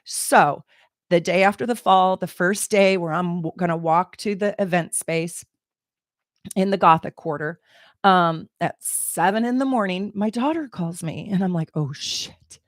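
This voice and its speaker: A middle-aged woman, an astrologer, telling a personal story in an animated, emotional way, laughing and exclaiming. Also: lowish voice, measured pace, no room sound, studio quality. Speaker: astrologer and channel host. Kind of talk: casual personal storytelling to camera.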